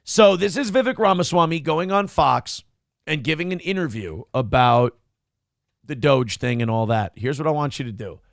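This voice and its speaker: A man's voice: a little high, moderate pace, vocal fry, no echo, clean studio sound. A man co-hosting a morning show, in casual comedic commentary, crude and mocking. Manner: crude, mocking, jumps into loud impressions.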